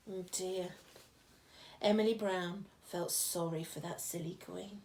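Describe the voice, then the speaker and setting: A woman's voice: on the low side, fairly even intonation, measured pace, darkish tone. A woman reading a children's picture book aloud, chatting and giggling between the lines and dropping to a whisper for suspense. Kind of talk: read-aloud with chatty asides.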